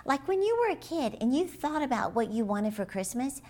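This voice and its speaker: Lively Christian motivational speaker woman. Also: sits high, brisk. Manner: lively, expressive, storytelling with emphasis. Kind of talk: animated motivational talk.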